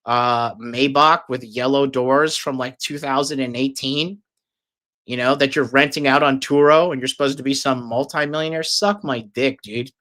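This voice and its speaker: Bright-voiced man telling a rambling story. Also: medium pitch, steady tone, moderate pace. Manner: profane, rambling, filler-heavy. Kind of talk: casual storytelling.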